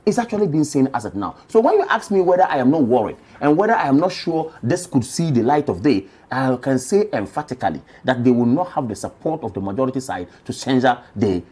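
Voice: quick pace, few pauses. A panelist arguing a party position emphatically, repeating key phrases. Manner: emphatic, repeats phrases, lively swings in pitch. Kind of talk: political panel discussion.

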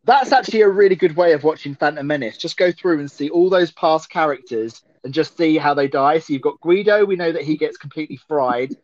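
A man's voice: on the high side, a little fast, hardly any pauses, a little mellow, no echo. A man co-hosting a casual chat while watching a film, rambling and laughing often. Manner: giggly, rambling with frequent laughs. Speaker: podcast co-host. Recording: dull, slightly muffled audio.

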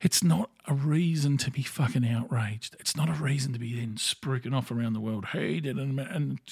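Blunt gravelly Australian man ranting. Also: mid-range voice, moderate pace, darkish tone, no room sound, clean studio sound. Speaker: podcast host. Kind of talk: opinionated solo podcast monologue.

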